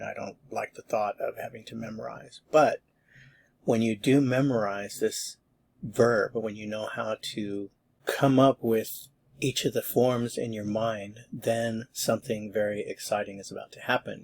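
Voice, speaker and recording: A man with a low, slightly husky voice walks learners through a Spanish grammar lesson. He explains each verb form patiently and keeps an encouraging tone. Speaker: Spanish teacher.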